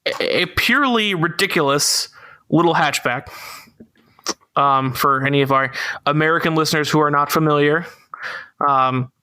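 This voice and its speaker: A man's voice: a little high, normal speed, long pauses, pushed and bright, clean tone, dry recording. A young man co-hosting a casual car podcast, laughing often and explaining technical details in a laid-back way. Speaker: podcast co-host.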